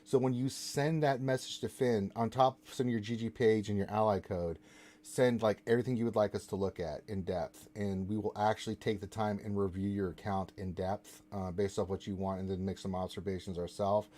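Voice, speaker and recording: A man's voice: on the low side, fairly even intonation, brisk, a little mellow. A man hosting a casual live stream, joking around and reading viewer questions aloud. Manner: loose, joking, reads chat questions aloud. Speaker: host.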